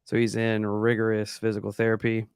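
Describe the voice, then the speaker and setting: A middle-aged man co-hosts a podcast in a laid-back, slangy manner. His voice is gravelly but smooth and dry. The internet call keeps cutting out and sounds choppy. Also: fairly low pitch, monotone, brisk, no echo. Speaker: podcast co-host. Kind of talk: casual chat. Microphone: boom-arm mic over a call.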